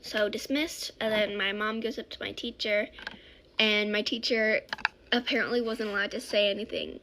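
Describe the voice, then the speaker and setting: A woman's voice: mid-range voice, moderate pace, background noise. A woman telling a childhood story in a casual, rambling way, often correcting herself. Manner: rambling, self-correcting, animated.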